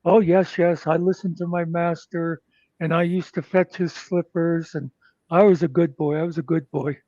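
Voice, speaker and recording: A man's voice: fairly high pitch, little pitch movement, normal speed, darkish tone, no room sound, natural voice. A man doing an eager good-boy dog. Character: eager obedient male dog in a joke. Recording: dull, dry lo-fi audio.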